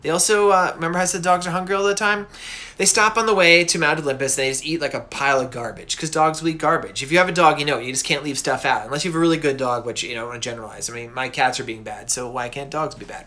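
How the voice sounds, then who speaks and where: Hosting his myth show, a middle-aged cartoonist tells a myth as a casual, goofy story. He speaks quickly with a sharp tone and a fairly high voice, chatty and stuffed with fillers.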